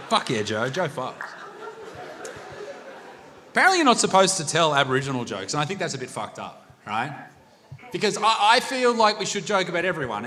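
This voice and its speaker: Brash Australian comedian on a stage mic. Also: male voice, on the high side. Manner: brash, crude and loud, bursting into shouts. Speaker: stand-up comedian. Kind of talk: live stand-up comedy. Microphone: handheld stage mic. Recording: long reverb of a live venue.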